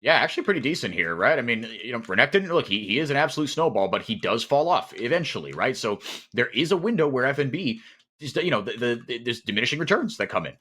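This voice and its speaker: A man doing live play-by-play commentary on an esports match, calling the action quickly and often repeating words as he thinks. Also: medium pitch, husky. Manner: rapid, animated calling with frequent repeated words.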